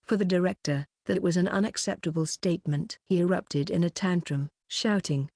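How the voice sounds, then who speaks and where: A woman reading a light novel audiobook as narrator, in a steady, even delivery that reads the dialogue plainly. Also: lowish voice, moderate pace, few pauses, no echo, clean studio sound. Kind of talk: scripted narration.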